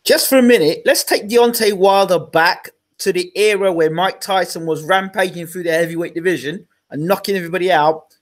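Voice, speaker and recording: A man's voice: high-pitched, brisk. A man hosting a live boxing interview, asking probing questions and pushing back on the answers. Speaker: host.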